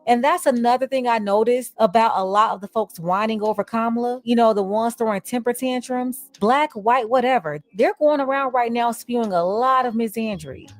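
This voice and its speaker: A woman's voice: on the high side, normal speed, hardly any pauses. A woman delivering firm, lecturing opinion commentary. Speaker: online commentator. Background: faint music.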